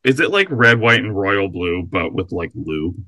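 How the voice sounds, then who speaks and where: Chatty male podcast co-host with a bright, forceful voice, dry close sound. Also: low voice, sing-song, moderate pace, no room sound. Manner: chatty, rambling, camp jokes. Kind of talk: casual chat.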